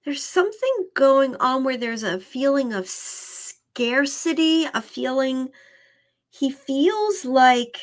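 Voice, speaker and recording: A woman's voice: sits high, very animated, slow pace. A woman working as an animal communicator, giving live readings in a chatty way, often repeating herself and laughing.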